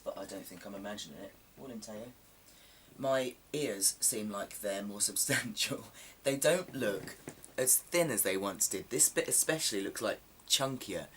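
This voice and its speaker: A man vlogs casually to camera, his lowish voice a touch coarse and sore but fairly bright. Rambling and self-deprecating, he fills gaps with plenty of ums, recorded on a somewhat distant mic with faint hiss behind him.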